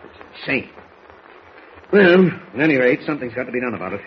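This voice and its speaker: An actor in a 1940s radio drama playing a blustering, hot-tempered newspaper editor who sputters and shouts colorful exclamations. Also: male voice, medium pitch, sing-song, brisk, lightly acted. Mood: worked up. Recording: dull old radio recording with faint hiss.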